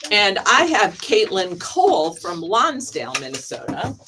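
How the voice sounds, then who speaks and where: A woman's voice: medium pitch, big pitch swings, measured pace, background noise. A woman hosting a live prize drawing, joking and laughing as she reads out winners' names. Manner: laughing, playful, reading out names. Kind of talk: casual live-stream chat.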